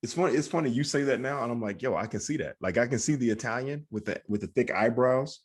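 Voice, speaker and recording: A man co-hosting a podcast, chatting casually and getting excited, often repeating himself. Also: medium pitch, fast talker, breathy edge. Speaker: podcast co-host. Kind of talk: casual chat.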